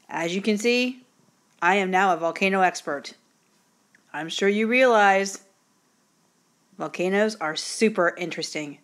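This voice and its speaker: A woman's voice: medium pitch, fairly bright tone. An upbeat woman teacher records a video lesson in a mid-range voice. She gives short, direct instructions and encourages her students as she goes.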